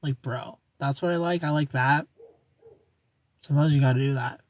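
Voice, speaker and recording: A man's voice: mid-range voice, moderate pace, no room sound. A man hosting a casual live stream. He greets viewers by name and gives playful breakup advice. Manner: chatty, greets viewers and reads their comments aloud.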